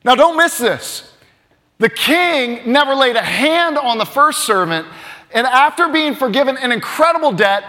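A male pastor preaching a sermon, earnest and emphatic, dropping to a hush for weight, in a church sanctuary. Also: very high voice, in a large hall. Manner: earnest, emphatic, swings between loud and hushed.

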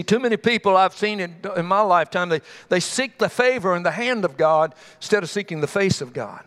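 A man with a high, animated voice and a fairly bright tone preaches a sermon in a folksy, conversational style. He tells homespun stories, tossing quick asides and calling out to the congregation.

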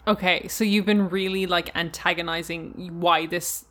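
Bright-voiced woman on a podcast. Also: on the low side, steady tone, moderate pace. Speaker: podcast co-host. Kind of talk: casual podcast chat.

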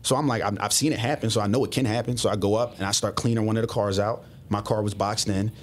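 A man rattles through a story at a rapid clip in a lowish voice. He swears freely and acts out the other people's lines. It is loose, casual podcast talk. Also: a little hiss or hum. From Southwest Philadelphia. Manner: profane, animated retelling with acted-out dialogue. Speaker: former police officer, guest.

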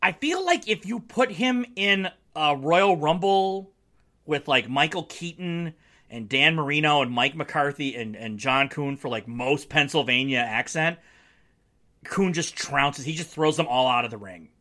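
Lively, joking male sports podcaster. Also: fairly high pitch, a little slow. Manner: joking, wry, laughs often. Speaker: podcast host. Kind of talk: casual solo sports podcast.

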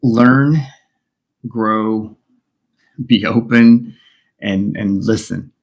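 A middle-aged man speaking as a podcast guest, talking candidly and reflectively, often pausing and restarting. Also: on the low side, steady tone. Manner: reflective, open, halting with many restarts. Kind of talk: candid interview conversation.

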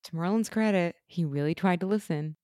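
A woman's voice: lowish voice, fairly quick, mellow, dry recording, clean studio sound. A woman co-hosting a casual podcast, talking through a TV episode with strong opinions, frequent laughs and the odd swear word. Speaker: podcast co-host. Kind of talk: casual rewatch chat.

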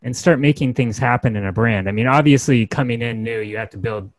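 A man's voice: medium pitch, a little fast, no room sound. A man hosting a podcast, asking long, searching questions in a casual way. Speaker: podcast host.

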